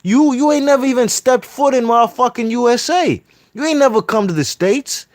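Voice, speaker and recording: A man's voice: extremely high pitch, fairly quick, dry recording, clean studio sound. A man hosting a boxing commentary channel who rants heatedly and profanely, often adding "you know what I mean". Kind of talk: reading quotes then ranting commentary.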